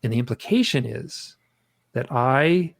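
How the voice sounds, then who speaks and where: A man, a guest on a video-call interview, telling a long personal story in an animated way, acting out the voices of the people in it. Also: medium pitch, measured pace, vocal fry, no room sound. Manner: animated, acts out his own shouting and quotes.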